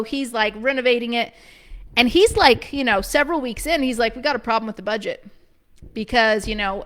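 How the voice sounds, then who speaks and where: A woman in her thirties telling a personal story in a lively, casual way, full of "like" and short laughs, acting out what people said. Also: on the high side. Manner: animated, filler-heavy with frequent "like", quick laughs. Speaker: preschool business coach.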